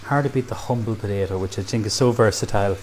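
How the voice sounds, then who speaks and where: A man from Ireland cooks a recipe on camera in his kitchen, talking fast and happily praising the dish. His voice is lowish, set against a noisy background.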